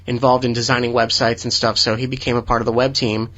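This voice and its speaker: A man, a guest radio DJ, chatting in studio in a relaxed storytelling way. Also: medium pitch, fast, muffled recording. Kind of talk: casual studio chat.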